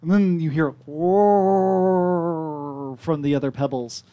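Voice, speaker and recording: A man narrating as game master of a tabletop game, relaxed with laughing asides. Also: a little high, fast, no echo, lo-fi sound.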